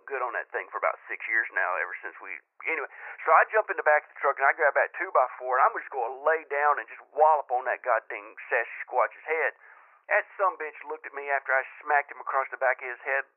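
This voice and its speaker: A man's voice: mid-range voice, no echo, natural voice. A man voicing a boastful rural father who calls in with a rambling folksy tall tale. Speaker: caller. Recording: phone-line call.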